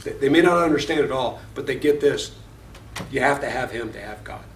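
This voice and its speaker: Reading scripture aloud, then explaining it and quizzing the class, a man leads a Bible study at a brisk pace. His voice sits in the mid-range. He's distant from the microphone in an echoey room, with slight hiss or hum.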